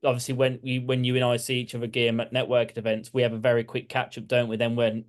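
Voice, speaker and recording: A man's voice: medium pitch, monotone, fast talker. A man with a Birmingham accent, chatting casually as an interview guest and talking with lots of fillers and restarts. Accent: Birmingham English. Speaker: guest, architecture practice owner.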